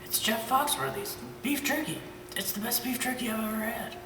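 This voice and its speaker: A man voicing a high-pitched, naive, rambling man caught in a sting for a comedy sketch. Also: moderate pace, background noise. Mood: whiny. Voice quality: high-pitched, nasal whine.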